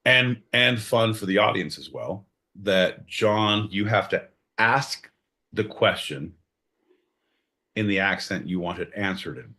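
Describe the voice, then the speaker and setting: Homem animado de voz brilhante e baixa, podcast. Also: male voice, lowish voice, slow. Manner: animated, crude jokes, swings into loud mock outbursts. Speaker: podcast co-host. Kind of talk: casual comedic banter.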